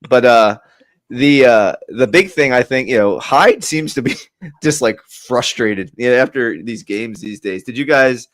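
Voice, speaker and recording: Male host, mid pitch, easygoing jokey chat, dry sound. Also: lively intonation, a little slow, no echo. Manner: joking, easygoing. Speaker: podcast host. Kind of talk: casual sports chat.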